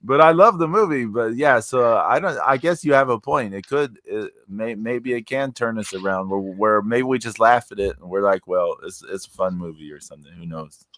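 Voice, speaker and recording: A man's voice: on the low side, moderate pace, fairly bright tone, no echo. Laughing, rambling male podcast host. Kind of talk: casual chat.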